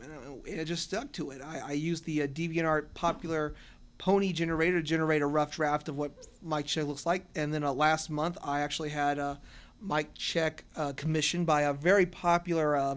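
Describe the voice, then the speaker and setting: A young man from Cincinnati, a radio and podcast host, talking excitedly and rambling with many restarts in an interview on a convention floor, holding a handheld mic. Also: a little high, brisk. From Cincinnati, USA. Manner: energetic, rambling, with repeated restarts. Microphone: shared handheld mic.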